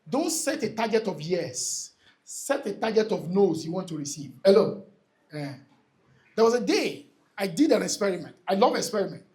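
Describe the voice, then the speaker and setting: A man's voice: sits high, a little mellow. A man giving a motivational talk to a live audience at a real estate event. He is emphatic and repetitive and often calls out to the crowd. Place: event hall before an audience.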